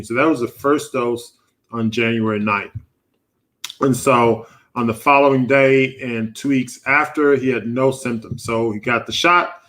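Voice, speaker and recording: A middle-aged man hosts a live medical panel from a studio, walking through his slides. His voice sits at an ordinary middle pitch, and he talks in a loose, conversational way, leaning on fillers as he goes. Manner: relaxed, filler-heavy, conversational. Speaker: physician hosting a live panel show. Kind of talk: live online presentation with slides.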